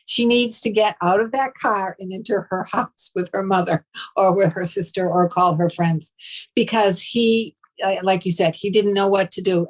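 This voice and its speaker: Hesitant, lower-voiced woman giving advice. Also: low-quality recording. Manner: hesitant, many ums and restarts, measured advice. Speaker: mental health professional guest. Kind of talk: advice-giving interview talk.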